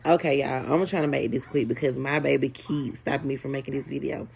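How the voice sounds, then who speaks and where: A woman telling a casual storytime, animated and talking straight to her viewers. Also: extremely low pitch, a little fast, vocal fry.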